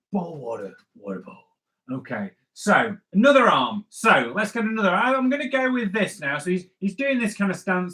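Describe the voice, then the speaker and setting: Male comics artist, slightly high voice, loose jokey drawing tutor. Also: a bit bright. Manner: chatty, rambling, with jokey asides. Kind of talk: live drawing lesson.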